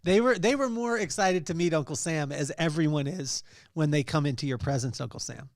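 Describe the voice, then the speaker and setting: A man's voice: a little high, fairly quick, no room sound, studio quality. A man hosting a podcast in casual chat, teasing and playful. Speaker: podcast host.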